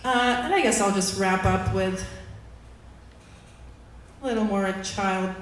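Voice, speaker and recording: A woman's voice: mid-range voice, takes it slowly, slight background noise. Chatty woman comic in an echoey room. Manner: chatty, filler-heavy, self-mocking, bursts into loud quoted outbursts. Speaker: stand-up comic. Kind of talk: stand-up storytelling. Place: open mic venue. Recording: echoey room, mic heard from far off.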